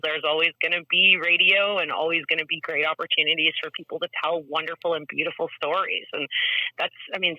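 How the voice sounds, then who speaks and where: A woman's voice: low voice, sharp tone, no echo, rough recording. A woman from Canada, a broadcaster and author, talking about her memories in a heartfelt, reflective way as an interview guest. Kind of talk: casual interview chat.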